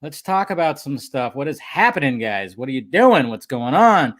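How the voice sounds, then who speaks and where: A man's voice: mid-range voice, big pitch swings, moderate pace, a bit bright. A man hosting a casual livestream from home, upbeat and chatty as he greets viewers by name. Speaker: livestream host.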